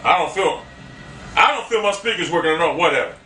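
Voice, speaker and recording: A man giving live gameplay commentary, cursing and trash-talking opponents, often bursting into angry shouts. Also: a little high, animated, fast talker, roomy sound, recorded from a distance, soft background music.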